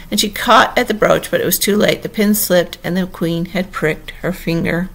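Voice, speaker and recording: A woman narrating a classic children's storybook in a steady, measured reading voice. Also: fairly low pitch, gravelly. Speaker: audiobook reader.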